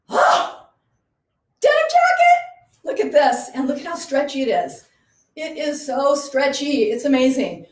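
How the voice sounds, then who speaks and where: Gushing high-voiced woman showing clothes. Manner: gushing, enthusiastic, chatty. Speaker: boutique owner presenting clothes. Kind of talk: live online clothing showcase. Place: small home boutique in a garage. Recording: echoey room.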